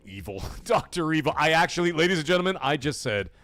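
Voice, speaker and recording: A man hosting a gaming livestream, loudly shouting out chat donations and swearing casually. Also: a little high, very animated, fast, no room sound. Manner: loud, hyped shout-outs reading chat donations. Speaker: livestream host. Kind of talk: energetic live stream chat.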